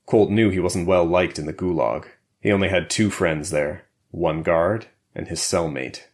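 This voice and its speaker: A man narrating an action thriller audiobook in a steady, measured way. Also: low voice. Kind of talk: scripted narration.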